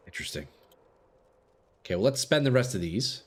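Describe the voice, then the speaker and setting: Livestreaming gameplay, a young man keeps up a running chat with viewers, full of swearing, laughter, and rambling. His voice is fairly low and breathy-edged, very animated, and fairly quick.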